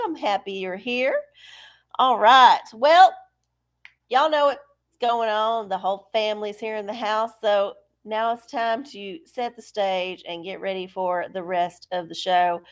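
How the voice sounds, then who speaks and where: A middle-aged woman, hosting a live stream in a breezy, folksy way and cursing casually. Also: mid-range voice. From Texas. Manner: breezy, cussing, folksy, greeting viewers. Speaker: livestream tarot host.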